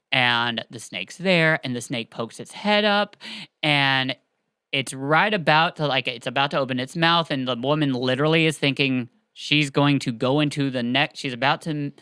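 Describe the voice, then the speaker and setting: A podcast host casually retelling a story in a chatty, animated way, with filler words. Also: medium pitch, normal speed, smooth, no room sound.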